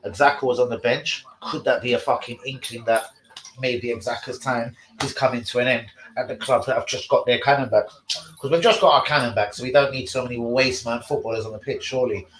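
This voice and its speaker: A man's voice: medium pitch, brisk, roomy sound, slight background noise, poor audio. Sweary man live-streaming football chat. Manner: sweary, excitable, talks to chat.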